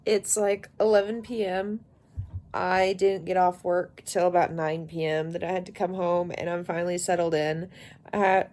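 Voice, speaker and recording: Young female booktuber, exhausted and drowsy, chatting casually at night. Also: darkish tone. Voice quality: sleepy, low-energy delivery. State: tired, yawning. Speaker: book vlogger. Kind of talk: casual late-night vlog.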